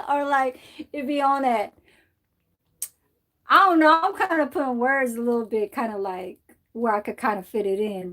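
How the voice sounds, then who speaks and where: A woman's voice: on the high side, moderate pace, a bit bright. A woman livestreamer chatting loosely while she dyes her hair, rambling and swearing, with frequent laughter. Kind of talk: casual chat while dyeing her hair.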